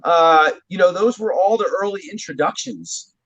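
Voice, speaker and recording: Talking at a normal pace in a high, slightly bright voice, a drummer from New Jersey, USA, loosely rambles through stories in a casual interview, chuckling frequently. The audio is lo-fi, dull and muffled.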